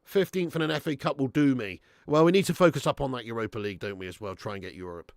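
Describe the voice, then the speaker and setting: A man hosting a football watch-along stream, reading out chat comments in a blunt, sweary manner and breaking into loud rants. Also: mid-range voice, fast, no echo, studio quality. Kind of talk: casual live-stream chat.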